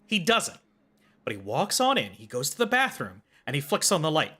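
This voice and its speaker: Male streamer, comic casual storyteller, bright tone, very lively pitch. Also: moderate pace, husky. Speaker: livestreamer. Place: home.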